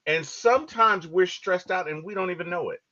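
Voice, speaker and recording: A man co-hosting a podcast, chatting casually about a movie and telling stories with lively acted-out quotes. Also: high-pitched, fairly quick. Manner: animated storytelling, acts out quotes. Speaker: podcast co-host. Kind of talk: casual movie review chat. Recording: dull lo-fi audio.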